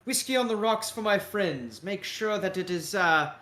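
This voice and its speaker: A tall, showy German tycoon with a British accent, put on by the game master, raised a notch in pitch. He's jovial and grandly courteous, all backslaps and flattery. Recorded with a roomy echo. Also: moderate pace. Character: tall boisterous German businessman, showy, grinning.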